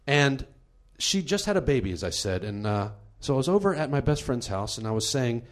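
A man hosting a comedy podcast, telling a true story in an animated, laughing way. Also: medium pitch, a little fast.

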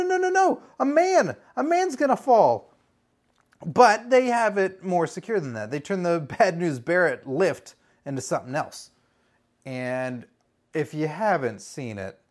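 A man telling a story on a podcast in a casual, animated way, swearing freely and breaking into loud exclamations. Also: on the high side.

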